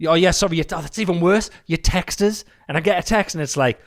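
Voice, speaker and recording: A man's voice: high-pitched, fast talker. A man, co-hosting a podcast in casual chat, swearing freely and telling stories with mimicked voices. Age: 40s. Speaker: podcast co-host.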